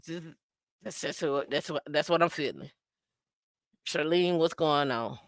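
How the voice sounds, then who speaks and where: Playful, low-voiced woman hosting a livestream. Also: a little slow, no echo, studio quality. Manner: playful, sings and imitates dancehall sounds. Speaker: host. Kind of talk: casual livestream chat.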